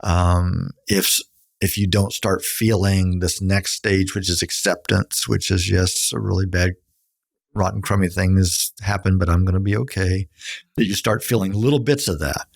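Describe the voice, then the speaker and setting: Low gravelly-voiced man giving earnest advice. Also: fairly even intonation, moderate pace, no room sound, clean studio sound. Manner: earnest, coaching, quotes people in a higher voice. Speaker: podcast co-host, counselor. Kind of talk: conversational advice talk.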